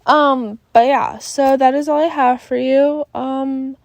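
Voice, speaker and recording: Sleepy young woman rambling on her podcast, slow and yawny, higher voice, dry close phone sound. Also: fairly even intonation, gravelly, no echo. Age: young adult. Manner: tired, sighing and yawning, rambling with many fillers. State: sleepy, yawning. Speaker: podcast host. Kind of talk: casual solo podcast chat. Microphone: phone held close.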